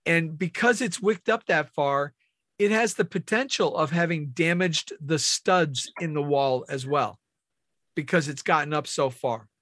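A man's voice: fairly high pitch, unhurried, a bit bright, dry recording, clean studio sound. A man leading a team training meeting, explaining step by step and asking questions of the room.

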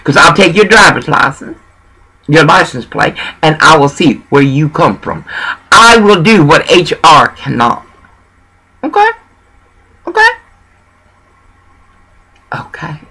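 Husky, high-voiced man. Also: very animated, takes it slowly, long pauses, bright, forceful tone, rough recording. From Texas. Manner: preachy, meandering, emphatic. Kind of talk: rambling monologue.

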